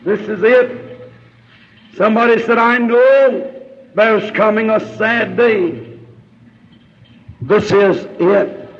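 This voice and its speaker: High-voiced chanting revival preacher man. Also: fairly even intonation, slow pace, pauses often, lo-fi sound. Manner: chanting, rhythmic preaching cadence. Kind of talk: revival sermon.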